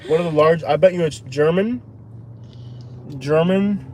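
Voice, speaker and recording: A man's voice: on the high side, a little slow, a little mellow. A man hosting a live stream, chatting casually and arguing his point insistently from inside a car. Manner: argumentative, insistent. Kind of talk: casual chat. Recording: road noise in a car.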